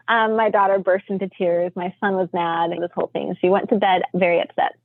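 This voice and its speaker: A woman's voice: brisk, few pauses, no echo. An American woman tells stories as a podcast guest, bouncing between voices as she acts out quotes and breaks into laughter. She sounds like she is on a phone line, thin and tinny. The sound is close and dry, with no room around it. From United States. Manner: animated, acts out quotes with big pitch jumps, laughs often. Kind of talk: storytelling in casual chat.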